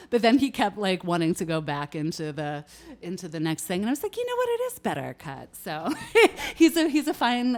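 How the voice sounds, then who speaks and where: A woman singer-songwriter chatting casually between songs on a livestream, laughing often. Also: medium pitch. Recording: guitar music behind the voice.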